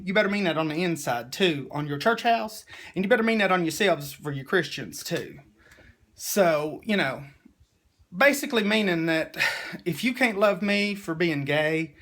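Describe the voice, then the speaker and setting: A man's voice: fairly high pitch, fairly bright tone. A man speaks in a slightly raised register, talking straight to his viewers. He sounds emotional and preachy as he delivers a heartfelt personal monologue, leaning on "y'all" as he goes. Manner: emotional, preachy, Southern-style "y'all" talk. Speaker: vlogger.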